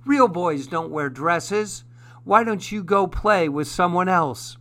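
A man's voice: sits high, lively intonation, slow, pitched above the performer's own voice, full character voice. A man voicing a group of young children taunting a classmate in a read-aloud storybook. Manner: jeering, loud. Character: mocking group of young schoolkids.

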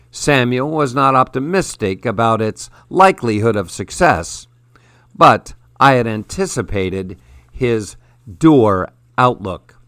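A man reads a first-person story at a slow, measured pace, earnest and even. His voice sits at an ordinary male pitch. The recording is dry and close, with no room sound. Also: no echo. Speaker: audiobook narrator.

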